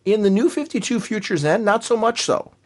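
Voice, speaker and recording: A man's voice: high-pitched, expressive, fairly quick, darkish tone. A man co-hosting a podcast in casual chat, emphatic and enthusiastic, often repeating his points. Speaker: podcast co-host.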